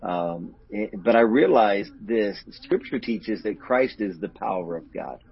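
A middle-aged male pastor with a low, gravelly, husky voice, speaking earnestly and openly about hurt in an interview. The audio is dull and lo-fi. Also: expressive, measured pace. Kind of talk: candid personal storytelling in an interview.

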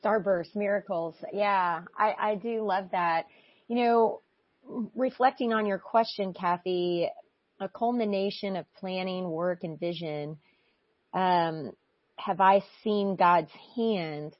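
A woman co-hosting a faith talk show, speaking thoughtfully and pausing often with ums as she reflects. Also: medium pitch, no echo. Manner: thoughtful, searching, with frequent ums and restarts. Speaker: podcast co-host. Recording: slightly muffled dry audio.

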